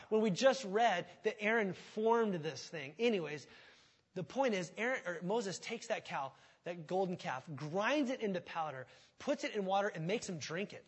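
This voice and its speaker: A male pastor preaching a sermon with animated storytelling, swinging from loud bursts to hushed tones. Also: high-pitched, moderate pace, husky.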